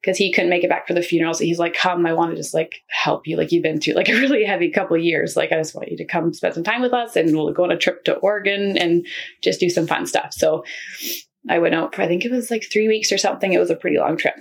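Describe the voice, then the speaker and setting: A young woman tells her personal faith story in an earnest, rambling way, leaning on lots of fillers. Her voice sits fairly low and has a gravelly, husky edge. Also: fast. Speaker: guest sharing testimony. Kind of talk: casual personal testimony.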